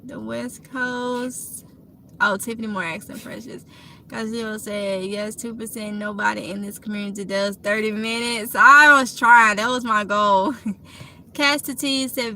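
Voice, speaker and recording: Reading comments during a relaxed live stream, a Mississippi woman with a Southern accent chats warmly and calls her viewers honey. Her fairly high voice is bright and forceful, with slight background noise behind it.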